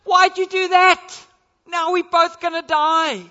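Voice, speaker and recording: A man's voice: very high-pitched, flat delivery, takes it slowly, pushed and bright, voice pushed up, heavily acted. A man voicing a wary male frog in a fable told during a sermon, protesting and frightened. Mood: shocked. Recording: dull lo-fi sound with long church reverb.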